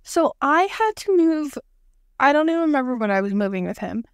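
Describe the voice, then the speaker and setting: A young adult woman co-hosting a podcast, bubbly and chatty, quick to throw in pop-culture quotes. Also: high voice, big pitch swings, dry recording, clean studio sound. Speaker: podcast co-host. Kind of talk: casual chat.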